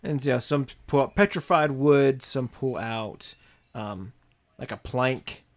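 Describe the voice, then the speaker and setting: A man narrating as game master of a tabletop game, describing scenes with many pauses and fillers. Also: mid-range voice. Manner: rambling descriptions with many ums and likes.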